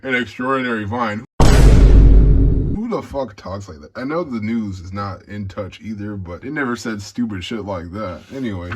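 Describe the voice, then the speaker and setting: Deep-voiced man casually recapping a comic. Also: animated, loud music behind the voice. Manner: loose, profane, joking recap with quick asides and laughs. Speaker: comic book reviewer.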